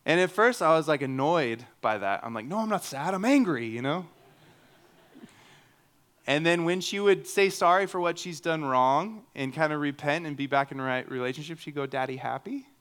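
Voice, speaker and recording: A man's voice: fairly high pitch, normal speed, a bit bright, smooth. A man in his thirties preaching a sermon in an earnest, conversational way, with humorous asides. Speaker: pastor.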